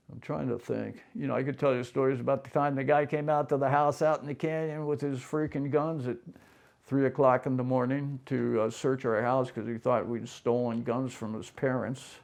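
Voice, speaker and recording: Older man with a gravelly voice. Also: mid-range voice, a little mellow. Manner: rambling anecdotes, acts out other people's lines. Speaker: interviewee. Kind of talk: casual storytelling.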